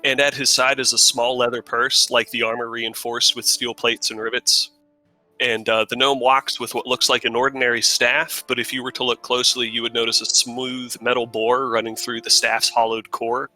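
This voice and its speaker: A man's voice: mid-range voice, little pitch movement, normal speed, sharp tone, faint music behind, low-quality recording. A man at a tabletop game, describing his new character in long, vivid detail. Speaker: player.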